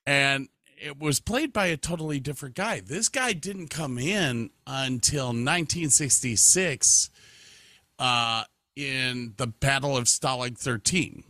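A man's voice: mid-range voice, unhurried, no echo, clean studio sound. A man co-hosting a podcast in casual chat, reading facts aloud and reacting. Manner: reads facts aloud with lively, animated delivery. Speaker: podcast co-host.

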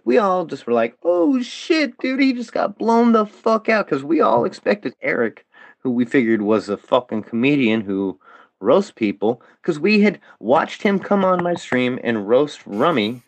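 A man's voice: medium pitch, no room sound. Guy ranting a story on a podcast, cussing nonstop, says dude and bro a lot, voice jumps all over. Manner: profane, animated, peppers speech with "dude" and "bro". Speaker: podcast guest. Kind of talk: casual storytelling.

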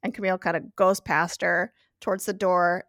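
A woman's voice: lowish voice, level tone, moderate pace, fairly bright tone, no echo, clean studio sound. A woman guest on a podcast who chats casually as she recaps an episode, often laughing and acting out the characters' lines. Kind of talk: casual chat.

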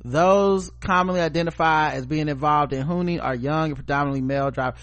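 A man's voice: on the high side, a little fast, a bit bright, no echo. A man hosting a podcast, reading news stories aloud and joking around with crude, casual talk. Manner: joking, profane, laughs often. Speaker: podcast host.

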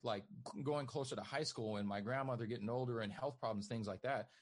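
A man's voice: mid-range voice, fast. A man talking as a podcast guest, telling stories in a casual way and laughing often. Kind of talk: casual conversational storytelling.

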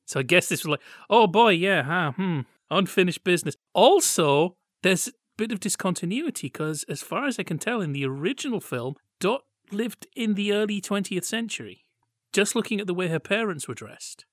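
Chatty man, higher voice. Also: sing-song, a little fast, dry recording, studio quality. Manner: chatty, jokey, acts out quotes. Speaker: podcast co-host. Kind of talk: casual chat reviewing old TV.

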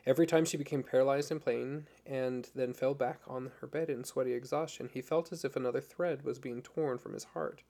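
Gravelly man reading a novel. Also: medium pitch, steady tone, warm tone. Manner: measured, earnest reading. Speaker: audiobook narrator. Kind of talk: scripted narration.

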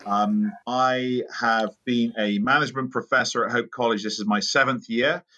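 A middle-aged British professor with a bright, forceful tone speaks friendly and good-humored, joking easily. His audio arrives dull and muffled over a remote line. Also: mid-range voice, fairly even intonation, normal speed. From United Kingdom. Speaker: management professor, guest. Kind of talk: interview conversation.

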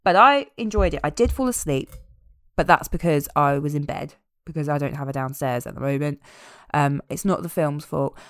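Casting note: woman, slightly low, dry close sound, chatty and wry. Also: normal speed, no echo. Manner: chatty, animated, tangents with wry asides. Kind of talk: casual chat recapping a film.

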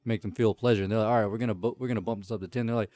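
A man in casual chat, retelling stories with lively acted-out quotes and frequent swearing. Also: fairly low pitch, rapid-fire, no echo. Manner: animated storyteller, acts out quotes, profane.

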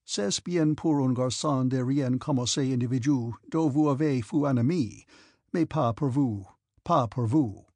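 A man's voice: medium pitch, measured pace, a little mellow, no room sound. A man voicing a proud young male prince who speaks sharply and indignantly, in an audiobook reading. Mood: scornful.

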